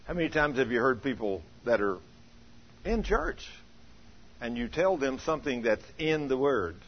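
A husky-voiced man preaching in a lively, swooping way, telling homely stories and putting on the voices of the people in them. His pitch moves all over as he talks. The recording is dull and lo-fi. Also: normal speed. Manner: animated, acts out quoted voices, breaks into shouts. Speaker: pastor. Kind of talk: folksy sermon with storytelling.

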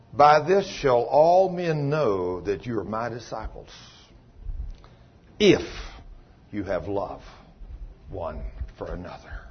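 Husky, impassioned man preaching a sermon. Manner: impassioned, swings between loud pleading and low quiet; folksy, plain-spoken. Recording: dull lo-fi recording.

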